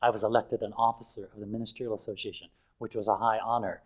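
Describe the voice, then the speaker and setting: A man's voice: on the low side, level tone, quick pace, rough recording. An older man preaching in a chatty storytelling way, with fillers and frequent chuckles. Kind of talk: anecdotal sermon.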